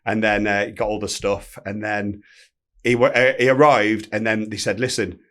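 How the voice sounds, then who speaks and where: A man, telling a story as a podcast guest, animated and swearing freely. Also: fairly low pitch, moderate pace. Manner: animated anecdote-telling, swears freely, acts out quoted speech. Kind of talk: casual storytelling.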